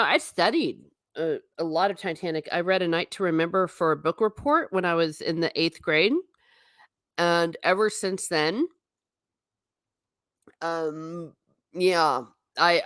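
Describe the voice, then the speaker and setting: A woman in her thirties hosts a livestream, reading the chat aloud and talking casually in a low voice. The studio-quality recording has no echo, and she is emotional and talkative, laughing a lot and cutting herself off mid-thought.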